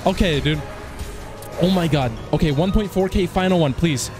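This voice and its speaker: A man giving live gambling commentary as a slots streamer, casual and slangy, swearing and bursting into yells on big hits. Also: a little high, moderate pace, over music. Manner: casual slang, keeps saying "dude" and "man".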